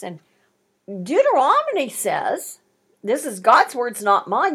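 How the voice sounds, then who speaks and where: High-voiced emphatic woman teaching scripture. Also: huge pitch swings, slow, a bit bright, breathy edge. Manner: emphatic, reads scripture aloud with commentary. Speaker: Bible study teacher. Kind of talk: Bible study lesson.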